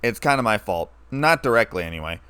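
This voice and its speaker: A man's voice: lowish voice, lively intonation, brisk, bright, forceful tone, smooth, no echo. A man reading a story aloud, voicing a curious, slightly nervous, bookish female pony. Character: anxious, bookish female unicorn mare.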